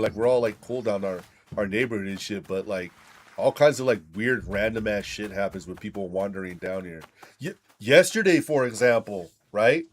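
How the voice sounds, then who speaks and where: A young man casually telling a rambling, profane story while gaming, laughing often and restarting his sentences. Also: medium pitch. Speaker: gamer streaming with friends.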